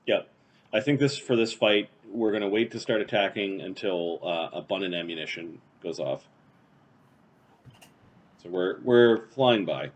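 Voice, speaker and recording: A man's voice: low voice, animated, unhurried. A man playing a tabletop game, talking casually and thinking aloud over numbers. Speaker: player.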